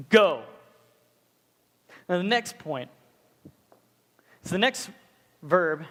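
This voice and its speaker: A young man with a high voice preaching to students in a relaxed, joking way, jumping into stories with lively asides. his words ring out with a long reverberant tail. it sounds like a big hall rather than a small room. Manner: casual, joking, animated storytelling. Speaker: youth pastor. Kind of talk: sermon.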